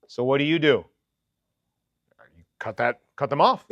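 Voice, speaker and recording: A man's voice: medium pitch, animated, slow pace, vocal fry, a bit bright, no echo, muffled recording. A man preaching a casual, joking sermon to teenagers, talking to them conversationally. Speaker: youth preacher.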